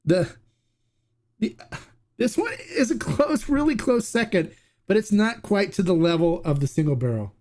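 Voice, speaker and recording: A man hosting a casual tequila review livestream, excitable and chatty, laughing often and restarting his sentences. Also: high voice, moderate pace, pauses often.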